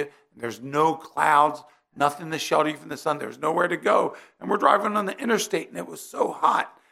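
Man, middle-aged, preacher, sermon, from New Jersey, very gravelly, husky, conversational, personal stories. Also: a little high, bright, forceful tone.

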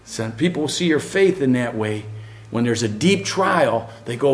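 A middle-aged man delivering a sermon, his pitch leaping up and down with real liveliness. He keeps turning to the congregation with rhetorical questions, animated and earnest throughout. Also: a little slow. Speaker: preacher.

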